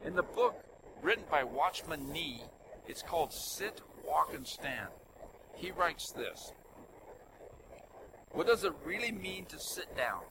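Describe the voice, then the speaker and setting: An older man delivers a sermon in a fairly high voice that rises and falls with lively, animated swings. He tells his stories with loud emphasis that drops into soft asides. The recording carries clear background noise, including a vehicle hum. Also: takes it slowly, pauses often. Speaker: preacher.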